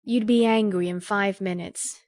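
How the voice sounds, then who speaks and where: Woman doing a sharp, scolding young lady. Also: medium pitch, fairly even intonation, unhurried, no echo, clean studio sound, close to an everyday voice. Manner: crisp, scolding, earnest. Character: earnest, sharp-tongued young woman lecturing a friend. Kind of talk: audiobook character voice.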